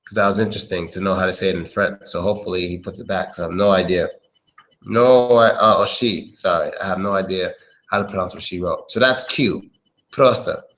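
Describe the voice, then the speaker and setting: A man's voice: low voice, a little fast, fairly bright tone, low-quality recording. An American man giving a casual, chatty English pronunciation lesson, often repeating his phrases. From United States. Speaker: English teacher. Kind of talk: casual live-stream lesson.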